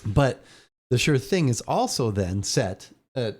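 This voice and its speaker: A man co-hosting a podcast in casual chat, relaxed and agreeable, hesitating with fillers as he talks. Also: medium pitch, slow. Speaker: podcast co-host.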